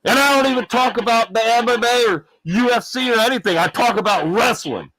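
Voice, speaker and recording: A man voicing a loud, dim-witted clown from the American South in his fifties, speaking in a put-on Arkansas accent and ranting brashly with shouted insults in a comedic livestream bit. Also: very high voice, fairly quick, dry recording, heavily acted, poor audio. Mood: mocking. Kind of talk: comedic livestream character rant.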